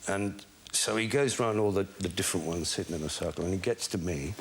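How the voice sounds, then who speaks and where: Older man, lowish voice, anecdotal storytelling, quoted voices, faint ambience. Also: quick pace, few pauses, a little hiss or hum. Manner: storytelling, mimics the people he quotes. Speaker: interviewee, former drama school classmate. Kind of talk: anecdotal documentary interview.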